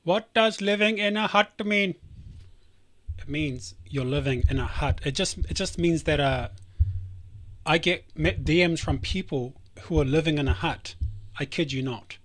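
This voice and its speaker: Male stream host, casual chat, rambling, restarts a lot, fairly high pitch. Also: moderate pace. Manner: rambling, self-interrupting.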